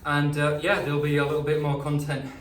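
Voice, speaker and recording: With a fairly high pitch, totally flat delivery, and a brisk pace, a man coaches a leg workout at home, encouraging and easygoing, and is breathless by the finish. It's a distant-mic recording in an echoey room with slight background noise.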